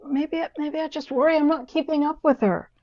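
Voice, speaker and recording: Older woman guest, a little high voice, halting and unsure, muffled lo-fi line. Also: steady tone. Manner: hesitant, halting, self-doubting. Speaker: guest, old friend. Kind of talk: casual chat between old friends. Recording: dull lo-fi remote line.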